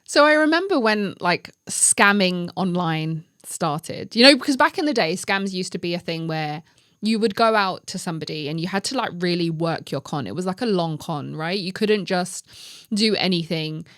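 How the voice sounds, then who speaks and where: A woman with a somewhat low voice hosts her own podcast. She tells stories in an animated, chatty way and drops in joking asides. Her sound is close and dry, with no room around it. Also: normal speed, dry recording. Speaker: podcast host. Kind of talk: casual solo podcast talk.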